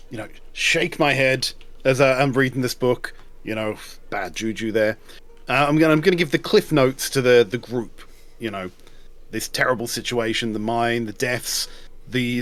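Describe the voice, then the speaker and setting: A man playing a tabletop game, playful and animated. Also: mid-range voice. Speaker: player. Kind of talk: tabletop role-play chat.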